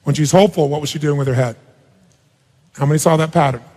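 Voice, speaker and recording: A man coaching a participant on stage at a live seminar, firing rapid, blunt and sometimes profane questions at her and the crowd. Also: a little high, fairly even intonation, dark tone. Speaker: self-help speaker coaching a participant on stage. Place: large auditorium. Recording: long reverb of a big hall.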